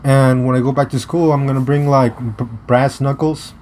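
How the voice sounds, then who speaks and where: A man's voice: mid-range voice, fairly even intonation, a little mellow. A young American man talks through a story in a loose, rambling way, stopping and restarting mid-sentence. His speech is blunt and full of swearing, with a faint hiss of noise behind him. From United States. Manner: rambling, halting with many restarts and fillers; profane, blunt. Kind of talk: casual storytelling vlog.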